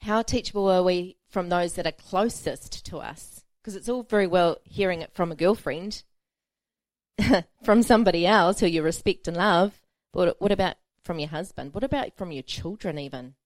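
A woman's voice: on the low side, normal speed, no room sound. Woman preacher telling a funny story. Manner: storytelling, self-mocking, laughing often. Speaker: pastor. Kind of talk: sermon.

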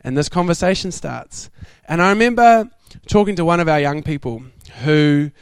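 A young man preaching a sermon, telling stories in a lively way and laughing often. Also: fairly high pitch, normal speed, clear, resonant tone, dry recording. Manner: animated, laughing storyteller. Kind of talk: sermon storytelling.

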